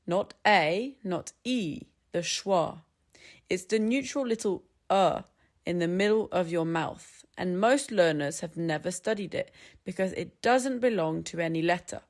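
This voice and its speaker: A woman narrates a scripted English pronunciation tutorial, calm and measured, slowing down to demonstrate sounds. Her pitch is fairly low.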